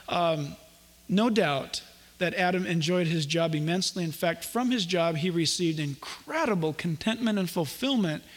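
A man's voice: high voice, long reverb tail. A man preaching a sermon as pastor, folksy and joking, acting out little dialogues. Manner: folksy, jokey asides, acts out little dialogues.

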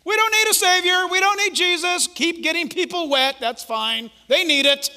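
A man's voice: very high-pitched, moderate pace, bright, forceful tone, pitched above the performer's own voice, heavily acted. A man voicing a group of smug, scornful male religious scholars who boast and mock. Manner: mocking, boastful. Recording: long hall reverb.

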